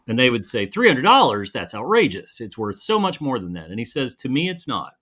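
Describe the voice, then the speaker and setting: A man co-hosting a casual live chat podcast tells a long anecdote, animatedly acting out the voices of the people in it. His voice is medium-pitched and his delivery brisk.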